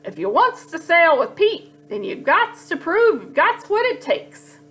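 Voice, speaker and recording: A woman voicing a squawking, bossy pirate parrot in a children's story, barking orders in a shrill voice. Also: very animated, measured pace, a bit bright, faint music behind, full character voice.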